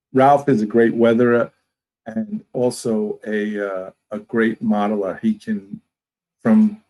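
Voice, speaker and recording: A man from Brooklyn with a New York accent, a guest in a casual interview who rambles warmly and animatedly. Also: on the low side, low-quality recording. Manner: rambling, animated, talks with his hands.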